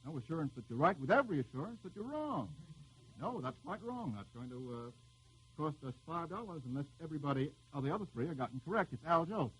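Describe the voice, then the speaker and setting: A man hosting a live radio quiz show, teasing the panel with quick jokes as he reads out the questions. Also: a little high, very animated, slightly rough, low-quality recording.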